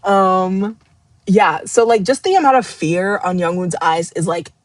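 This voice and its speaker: A woman's voice: on the low side, animated, a little slow, no echo. A woman hosting a casual live book club stream, getting emotional, laughing and nearly crying as she rereads passages. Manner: emotional, laughing and near tears while rereading. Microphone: glasses-wearing streamer at her screen.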